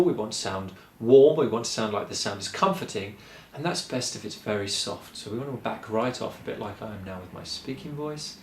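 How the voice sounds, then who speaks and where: Man, singing teacher, encouraging, explains step by step, echoey room. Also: lowish voice. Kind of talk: vocal lesson.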